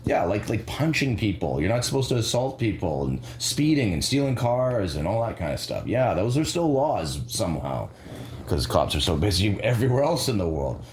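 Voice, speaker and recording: A man giving sarcastic, rambling commentary, animated and fond of mimicking voices. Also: fairly low pitch, moderate pace, roomy sound, a little hiss or hum. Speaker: commentary vlogger.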